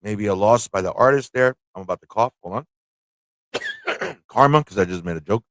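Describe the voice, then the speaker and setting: A man hosting a live comic review stream, excitable, laughing and slangy as he reacts. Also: fairly low pitch, normal speed, no room sound, studio quality. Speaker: host.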